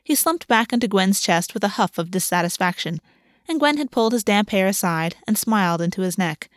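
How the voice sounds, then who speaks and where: A woman reads fantasy fiction aloud in a steady, measured narration. Her voice sits at a middle pitch. The recording is close and dry with no room sound. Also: no echo. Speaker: audiobook narrator. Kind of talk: scripted narration of a fantasy novel.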